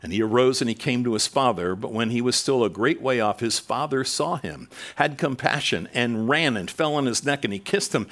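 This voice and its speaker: A man giving a sermon, reading a long scripture passage slowly and stopping to comment with wry asides. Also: animated. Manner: acts out the quoted voices, rising loud and high for the angry sons. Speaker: preacher.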